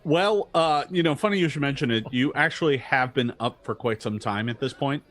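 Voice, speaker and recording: Serving as game master, a man describes the scenes of a tabletop game in a mid-range, slightly bright voice. His narration stumbles along with many fillers and restarts.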